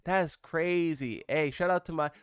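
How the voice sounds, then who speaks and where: A man's voice: on the high side, a little slow, clear, resonant tone, no room sound. A man hosting a live stream, chatting casually and rambling with his viewers. His voice jumps up when he is surprised.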